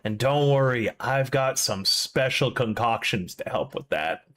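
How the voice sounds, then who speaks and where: A man's voice: medium pitch, lively intonation, a little slow, a bit bright, pitched below the performer's own voice. A man voicing a drugged-out male gang lookout who talks in a lazy, slurred drawl. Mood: languid.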